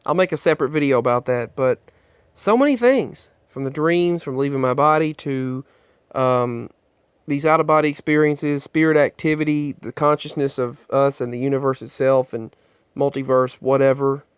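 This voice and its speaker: A man telling his own story in a vlog, earnest and halting, often restarting his sentences, recorded on an earbud microphone indoors. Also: medium pitch, smooth, dry recording. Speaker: vlogger. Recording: muffled, dull sound.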